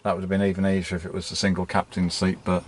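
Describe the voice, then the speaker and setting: A man's voice: deep voice, completely flat delivery, very fast, a little hiss or hum. A man narrating a family campervan trip in a casual, practical way, joking lightly with his children. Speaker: family travel vlogger.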